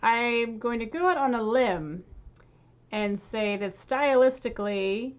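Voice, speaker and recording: Excitable woman gushing over a song. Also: a little high, slow, muffled recording. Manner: excitable fangirl gushing, laughing. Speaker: music reaction host. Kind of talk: casual reaction commentary.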